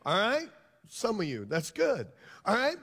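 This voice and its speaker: A man's voice: sits high, wildly swooping pitch, measured pace, vocal fry, fairly bright tone, slightly rough, big-room sound. A pastor preaching a sermon to his congregation, emphatic and drawing them into call and response. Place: church hall.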